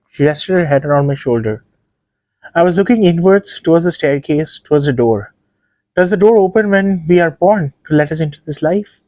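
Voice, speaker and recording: A man reading a literary ghost story aloud in a measured, hushed way. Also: on the high side, dry recording. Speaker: podcast host and story reader.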